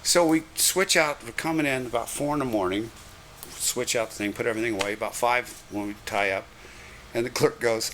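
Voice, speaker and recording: Older man spinning lively railroad yarns. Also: mid-range voice, brisk, slight background noise. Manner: lively anecdotal, chuckling asides. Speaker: retired railroad conductor. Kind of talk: reminiscing storytelling.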